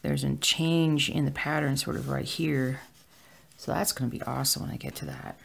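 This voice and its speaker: Cross-stitch vlogger, casual and rambling, heavy vocal fry, mid pitch, at home. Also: steady tone, normal speed, a bit bright. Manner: rambling, with filler words. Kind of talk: casual chat while stitching.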